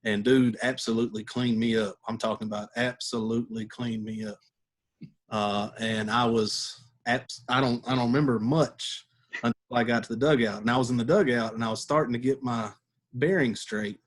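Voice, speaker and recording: A man's voice: medium pitch, fairly even intonation, moderate pace. A man, a podcast guest telling a story in a laid-back way and laughing as he goes. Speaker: podcast guest, former catcher. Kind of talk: casual storytelling.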